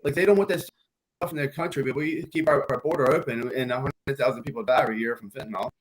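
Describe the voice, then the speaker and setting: A man on a talk panel who jumps in often with quick agreeing remarks. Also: medium pitch, rough recording. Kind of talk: casual debate.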